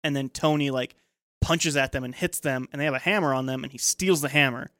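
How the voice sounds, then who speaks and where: A young man co-hosting a podcast, animated and laughing often as he recaps a TV show with plenty of swearing. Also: medium pitch, brisk, dry recording. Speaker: podcast co-host. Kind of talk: casual chat recapping a TV show.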